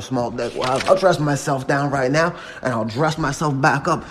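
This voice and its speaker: A man's voice: mid-range voice, slight background noise. A man telling a rambling comedic story, swearing constantly as he riffs. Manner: profane, rapid, riffing.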